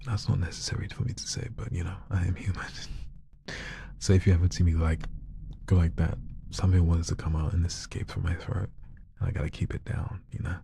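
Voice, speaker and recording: A man chatting casually on a live stream, soft-spoken and shy, often slipping into whispers. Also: low-pitched, level tone, brisk, vocal fry, a little hiss or hum. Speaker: live streamer and hobby voice artist.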